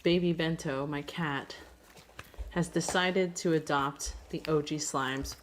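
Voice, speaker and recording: A woman talks through her slime reviews in a casual, gushing way. Her voice sits low. Clear crinkling, crunching and clicking play under her words throughout. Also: fairly even intonation, takes it slowly, slight background noise. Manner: chatty and gushing.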